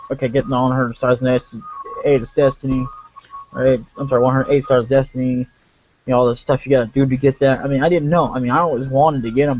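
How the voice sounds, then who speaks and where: A man's voice: medium pitch, darkish tone. Guy rambling thru a let's play, dull lo-fi mic, faint hiss behind. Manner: rambling, many fillers and restarts. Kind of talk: casual game commentary.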